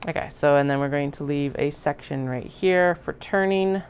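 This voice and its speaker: A woman's voice: deep voice, moderate pace, darkish tone, a little hiss or hum. A woman chatting to herself as she sews a bag, talking through each step in a casual, self-amused way. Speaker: crafter sewing on stream. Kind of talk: casual sewing narration. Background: sewing machine running.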